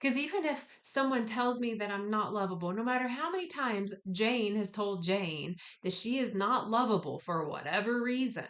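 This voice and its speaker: A woman speaks in an easy, conversational way as she guides listeners through a spiritual practice. Her delivery is gently encouraging, with slangy asides mixed in. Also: a little high. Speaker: spiritual wellness teacher. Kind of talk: casual spoken guided talk.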